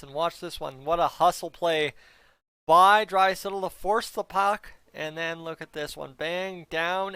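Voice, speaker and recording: A man reacting live to a hockey game, giving excited play-by-play, shouting at big moments and talking to his viewers by name. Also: high voice, clean tone, no room sound.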